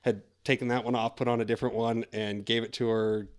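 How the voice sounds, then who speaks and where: A man's voice: medium pitch, little pitch movement, fast, smooth. Man in casual group chat who talks loosely, swears freely and fills with "like".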